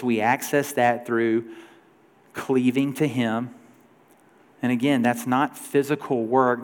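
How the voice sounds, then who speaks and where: A man in his forties preaching a sermon as pastor, telling a story in a loose, conversational way with shifting pace and loudness. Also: medium pitch. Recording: long hall reverb.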